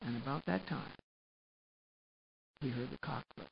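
A man preaching a sermon and retelling a gospel story, swinging from quiet narration up to loud, emphatic passages. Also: mid-range voice, unhurried, vocal fry. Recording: muffled lo-fi recording with faint hiss.

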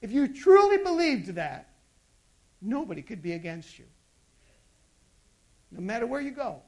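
A pastor delivering a sermon, moving from loud emphatic bursts to hushed intimate asides and asking the congregation rhetorical questions. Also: mid-range voice, very animated, a little slow, long pauses.

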